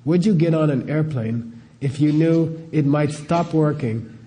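Mellow man teaching with rhetorical questions. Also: a little high, unhurried. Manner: conversational, keeps checking in with rhetorical questions. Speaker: spiritual teacher. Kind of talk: informal teaching talk.

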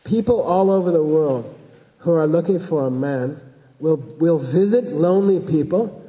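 A man's voice: fairly high pitch, unhurried, in a large hall, highs cut off. A man giving an informal dharma talk as a Buddhist teacher, rambling and joking and often checking in with his listeners.

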